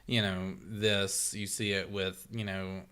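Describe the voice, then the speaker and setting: Casting: man podcaster with a bright, forceful tone and a rambling, profane delivery. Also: low-pitched, level tone, takes it slowly, clean tone. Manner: rambling, many fillers, swears. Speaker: podcast co-host. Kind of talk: casual true-crime chat.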